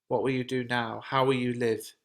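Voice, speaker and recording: A man voicing a grieving, sharp-tongued noble mother in his own plain, unhurried reading voice. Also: mid-range voice, level tone, natural voice. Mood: wry. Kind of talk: reading a play translation aloud.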